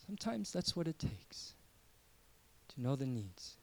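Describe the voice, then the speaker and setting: A male pastor giving a sermon in a conversational way, swinging from hushed asides to emphatic points. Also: medium pitch, sing-song, unhurried, gravelly.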